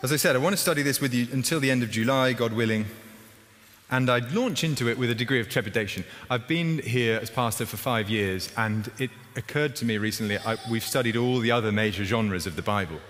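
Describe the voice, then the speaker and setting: A male pastor giving a conversational sermon, with lively emphasis and wry asides. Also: mid-range voice, fairly quick, a little hiss or hum. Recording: reverberant hall with faint ambience.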